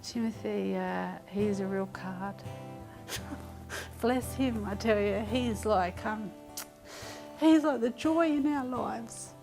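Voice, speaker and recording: A woman's voice: medium pitch, takes it slowly, vocal fry, long pauses, music in the background. Earnest mother recounting a story. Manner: conversational, hesitant with fillers, earnest. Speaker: mother interviewee. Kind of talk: recounting a personal story in an interview.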